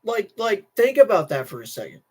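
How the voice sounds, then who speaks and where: A man's voice: high-pitched, big pitch swings, normal speed. A teenage boy streaming a casual political rant, tired, restless, repeating himself and restarting sentences. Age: teens.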